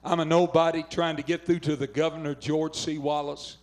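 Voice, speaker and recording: A man's voice: a little high, little pitch movement, fairly quick, a little mellow. An older man from Oklahoma, a pastor preaching fervently at a revival and telling a story. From southwestern Oklahoma. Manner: fervent preaching, urging callers to phone in. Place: revival tent.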